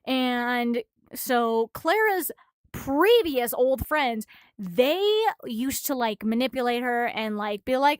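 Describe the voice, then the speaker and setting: A woman streaming a casual manga recap, excitable and swearing freely, a little out of breath. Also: high-pitched, measured pace, no room sound.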